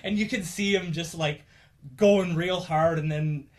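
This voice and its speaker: A man's voice: fairly high pitch, a little slow. Chatty young man, rambling host. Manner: chatty, rambling with many fillers and laughs. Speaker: podcast host. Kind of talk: casual chat.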